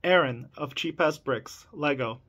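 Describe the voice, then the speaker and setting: Young man, excited vlogger, stammering, laughing, bright tone, slightly high pitch. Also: measured pace, highs cut off, slight background noise. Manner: giddy, breathless, stammering, laughs often. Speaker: toy collector vlogger. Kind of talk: excited unboxing vlog. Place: room in a house.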